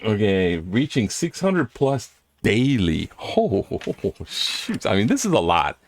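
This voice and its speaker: Chatting on his own about the news, a man from Hawaii rambles, laughs a lot and tosses in asides, his pitch leaping on exclamations. His voice is very animated and a bit dark in tone, and he speaks a little slowly.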